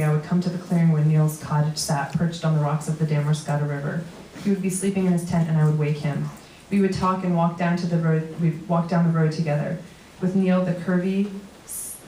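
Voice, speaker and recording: Low-voiced woman reading prose on stage. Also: dark tone, far from the mic, a little hiss or hum. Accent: New York. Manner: reads steadily, with dry asides to the audience. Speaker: comedian reading a memoir piece. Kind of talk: live reading of personal prose. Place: small theater stage before an audience. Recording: roomy live venue recording from afar.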